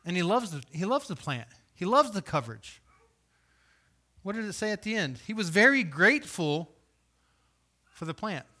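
A man preaching a sermon, reading scripture aloud and voicing questions, swinging from loud emphasis to hushed, low delivery. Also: big pitch swings, normal speed, pauses often. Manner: reads scripture aloud and voices imagined questions. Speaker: pastor.

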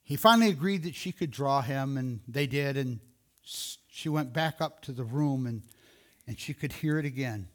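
Man, middle pitch, storytelling, rambling, self-correcting, outdoors. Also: normal speed. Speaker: speaker telling a closing story. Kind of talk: informal storytelling.

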